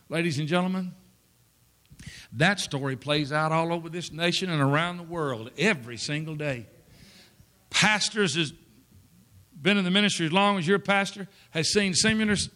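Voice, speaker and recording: A man's voice: a little high, pushed and bright. A man preaching a sermon, emphatic and repetitive as he exhorts his listeners.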